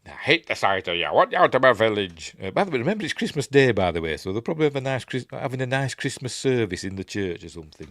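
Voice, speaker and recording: A middle-aged Yorkshire man talks his way through a film in a loose, rambling commentary, correcting himself and wandering off into asides. His voice sits fairly low. The recording is close and dry, with no room sound. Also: dry recording. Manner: rambling, chatty, self-correcting with many asides. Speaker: film reviewer and host. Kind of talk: casual running commentary over a film.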